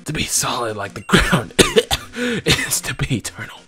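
A man's voice: mid-range voice, huge pitch swings, bright, forceful tone, full character voice. A man hamming up a grave ground-type master. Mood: mock solemn. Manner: slow mock-grave speech broken by laughs. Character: solemn male ground-type elite trainer.

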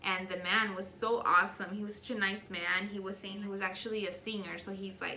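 Bright-voiced young woman vlogging candidly. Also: medium pitch, fairly even intonation, brisk, hardly any pauses, roomy sound, a little hiss or hum. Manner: candid, emotional, chatty with many fillers. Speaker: beauty vlogger. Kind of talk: casual Q&A vlog.

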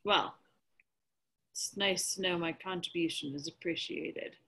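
A woman's voice: lowish voice, bright, forceful tone, slightly rough, full character voice. A woman reading Roger, a sarcastic, resentful man. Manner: sarcastic, slow and sneering. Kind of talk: live script reading over video call.

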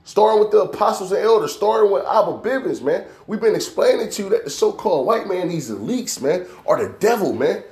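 A man preaching and reading scripture, tagging "man" onto nearly every phrase and slowing down to read the verses. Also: high-pitched, animated, darkish tone, reverberant. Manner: reads verses slowly and deliberately. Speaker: street preacher.

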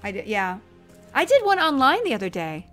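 Excitable woman game streamer, slightly high voice, casual chat over low music. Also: moderate pace. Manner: excitable, easily startled, apologetic.

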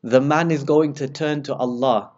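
A man giving a religious lesson, retelling narrations with lively storytelling and speaking directly to his listeners as brothers. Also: moderate pace. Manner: lively storytelling, rises in pitch and volume when quoting dialogue. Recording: slightly dull lo-fi recording.

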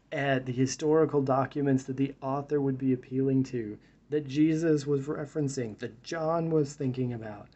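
A man's voice: medium pitch, gravelly, warm tone, breathy edge, highs cut off. A man giving a reflective Bible study talk, reading verses aloud and then musing on them in a thoughtful way. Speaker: Bible teacher.

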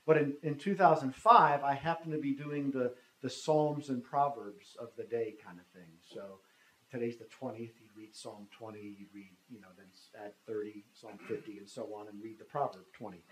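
A man's voice: medium pitch, normal speed, fairly bright tone, echoey room, low-quality recording. A man in his fifties telling a personal story in a talk, speaking conversationally and acting out the dialogue. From United States. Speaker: guest speaker.

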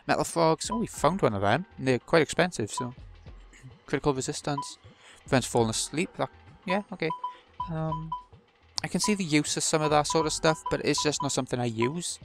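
Wry british gamer guy, mid-pitched voice, faint game music behind. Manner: dry, wry asides with muttered remarks. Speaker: let's play host. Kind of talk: casual gameplay commentary.

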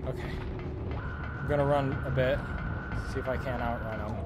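A gaming channel host doing let's play commentary, swearing and yelling at the game character, with game music behind. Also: mid-range voice, steady tone, normal speed, long pauses.

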